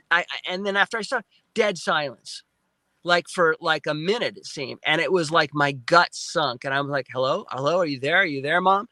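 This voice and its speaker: A male guest on a live interview recounting a personal experience in animated storytelling, restarting and repeating words often and acting out his own remembered speech. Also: a little high, moderate pace, dry recording, rough recording. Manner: excited retelling with frequent restarts and repeated words; acts out his own past speech in quotes. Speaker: guest, film producer.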